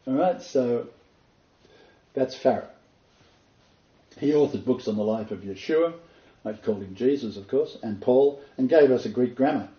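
Man, Bible teacher, sermon-style teaching, expressive reading, roomy, slightly muffled. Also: medium pitch, moderate pace, pauses often. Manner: reads poetry and quotes expressively, then comments in asides.

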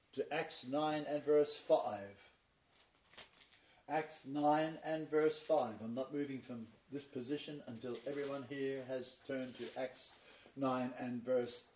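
A man's voice: mid-range voice, a little slow, darkish tone. Man preaching in an echoey hall. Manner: reads long quotations, then emphatic preaching. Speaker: Bible teacher. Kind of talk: sermon-style lecture. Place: meeting room with a live congregation. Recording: dull, echoey, far-off room recording.

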